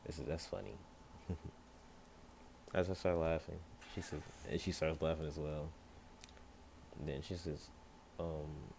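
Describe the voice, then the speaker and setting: A man with a very low voice tells a homemade fan story off the cuff, stumbling and restarting as he goes. A faint hiss sits behind him throughout. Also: flat delivery, slow, gravelly, long pauses, a little mellow. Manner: rambling, full of fillers and restarts. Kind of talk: improvised fan story narration.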